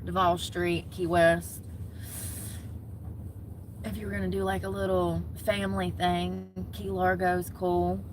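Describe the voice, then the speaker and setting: A young woman, chatting casually to camera as a vlogger, gossipy and animated. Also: lowish voice, slow, long pauses, a little hiss or hum, poor audio. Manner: chatty, gossipy, talks with her hands in words like "y'all" and "homegirl".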